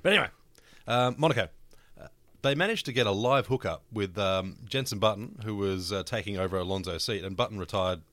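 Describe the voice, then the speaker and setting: A man's voice: lowish voice, brisk, a bit bright, no echo. A man with an Australian accent telling stories in casual podcast chat, with crude jokes and lots of hesitant fillers.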